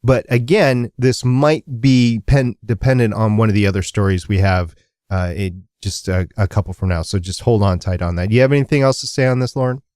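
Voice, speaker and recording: A man's voice: lowish voice, fairly quick, darkish tone, no room sound, studio quality. A man hosting a fan podcast, talking casually and rambling with restarts. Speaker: podcast host.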